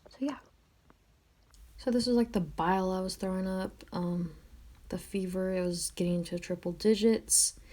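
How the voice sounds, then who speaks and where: A woman's voice: medium pitch, steady tone, normal speed, warm tone. A woman telling a personal story in a casual, chatty way, full of "like" and "um". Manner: chatty, filler-heavy, lots of "like" and "um". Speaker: vlogger.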